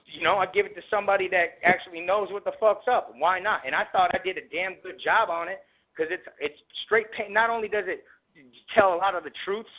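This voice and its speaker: A man guesting on a radio show, telling a rambling story with lots of profanity in a casual, animated way. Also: high voice, a little fast. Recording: tinny phone line.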